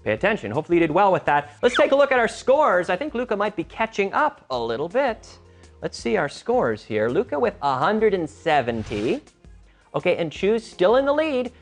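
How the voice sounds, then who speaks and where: Energetic male quiz host, lively voice. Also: high-pitched, normal speed, soft background music. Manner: energetic, teacherly, stresses intonation. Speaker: quiz show host and English teacher. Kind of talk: lively game-show hosting and teaching.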